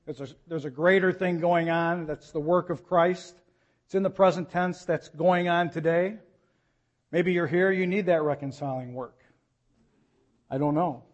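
A man preaching a sermon in a church, reading scripture slowly and rising to urgent appeals. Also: a little high, fairly even intonation, highs cut off. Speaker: pastor.

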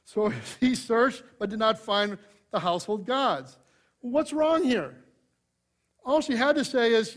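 A man preaching a sermon, shifting from loud emphasis to hushed asides, conversational with light humor. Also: extremely high pitch, expressive, takes it slowly. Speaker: pastor.

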